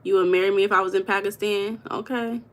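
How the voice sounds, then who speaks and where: A woman's voice: mid-range voice, fairly even intonation, fast. A woman hosting a live stream, chatting casually and reading viewers' comments aloud with an affectionate manner. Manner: affectionate, calls viewers baby.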